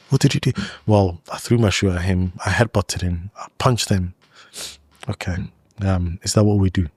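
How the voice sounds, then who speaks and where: A man with a fairly low voice tells a personal story in a relaxed interview chat. He talks loosely, leaning on "like" and "you know" as he goes. The sound is close and dry, with no room echo. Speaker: guest. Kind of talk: casual storytelling in a podcast interview.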